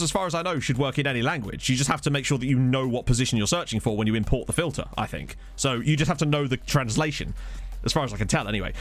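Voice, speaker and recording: A male streamer talking into a desktop mic at home, his pitch swinging up and down a lot as he rambles through a football management game. He chats with viewers in a loose, easygoing way, with faint music in the background. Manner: chatty, rambling, answers viewer chat. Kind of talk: casual live-stream commentary. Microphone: desktop USB microphone.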